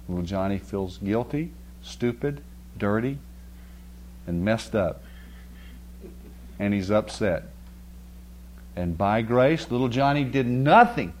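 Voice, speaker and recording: A man delivers a sermon in a folksy, storytelling way, pausing to ask his listeners "right?" His voice sits at a middle pitch for a man. A faint hum runs under the recording. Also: lively intonation. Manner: folksy storytelling with rising emphasis and frequent "right?" checks. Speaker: pastor.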